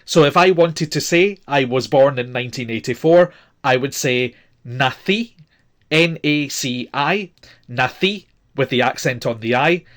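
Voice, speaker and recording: A man's voice: mid-range voice, measured pace, a bit bright. A man in his forties teaching a grammar lesson, patient and methodical, spelling out words letter by letter with frequent fillers. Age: 40s. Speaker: language teacher.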